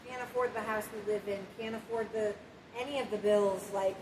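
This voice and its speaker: A woman's voice: mid-range voice, fairly even intonation, brisk, darkish tone. A woman casually chiming in to finish her husband's sentences. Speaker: wife adding to the story. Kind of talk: casual chat. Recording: echoey room, voice off-mic, background hiss.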